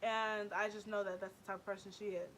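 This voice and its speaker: A woman in her twenties telling a personal story on her vlog, with animated and emphatic delivery full of "like". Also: mid-range voice, fast talker, a little hiss or hum. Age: 20s. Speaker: vlogger.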